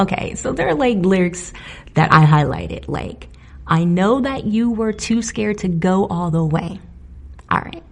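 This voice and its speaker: A woman hosting a music podcast alone, talking in a casual, animated way, laughing often and getting indignant. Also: mid-range voice, a little slow, creaky. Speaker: podcast host. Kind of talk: casual solo podcast commentary.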